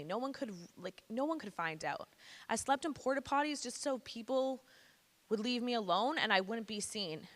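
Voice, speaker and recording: A woman in her thirties from Canada speaks frankly to a room of students, casual and blunt. Her voice is bright and clear at a middle pitch. A long hall echo follows every line. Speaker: guest speaker. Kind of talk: personal testimony to students. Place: school presentation hall. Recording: echoey hall.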